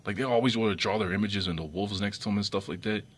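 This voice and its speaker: A man's voice: quick pace, slightly rough. A man giving an off-the-cuff commentary monologue, rambling with many restarts and repeated words, his voice often jumping up sharply when irritated. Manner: irritated, sharp jumps up in pitch and loudness. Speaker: video commentator.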